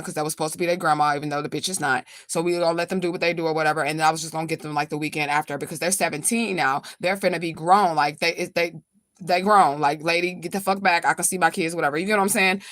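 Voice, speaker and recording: Fast-talking blunt woman from St. Louis. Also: fairly low pitch, fairly even intonation, fairly bright tone, dry recording. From St. Louis, USA. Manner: blunt, profane, rambling. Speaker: spiritual reader. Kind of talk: casual livestream storytelling.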